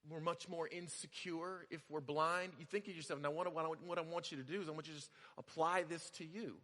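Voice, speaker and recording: Bright-voiced preacher in an echoing hall. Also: male voice, on the high side, fairly even intonation, fairly quick. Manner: conversational, repeats phrases, builds to loud emphasis. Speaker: pastor. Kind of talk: sermon.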